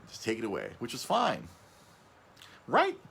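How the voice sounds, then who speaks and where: A man hosting a casual podcast, rambling, stumbling over and repeating his words, his voice jumping up when he gets excited. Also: medium pitch, a little slow, creaky, slight background noise. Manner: excitable, voice jumps up on emphasis. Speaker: podcast host.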